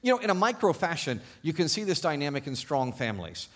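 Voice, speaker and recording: A male pastor preaching a sermon to his congregation, telling stories with animated, self-deprecating humor and playful irony. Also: fairly high pitch, fast. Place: church service before a congregation.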